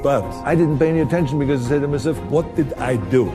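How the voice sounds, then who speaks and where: With music playing behind him, a man with a higher voice talks fast in a motivational speech and interview. He grew up speaking German and carries a heavy accent, sounding emphatic and sometimes going back to restart words.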